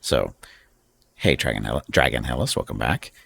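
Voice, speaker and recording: A man's voice: rumbling low, expressive, moderate pace, gravelly, fairly bright tone, husky. A man hosting a casual live stream from home, rambling and chatting with frequent laughs. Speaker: streamer host.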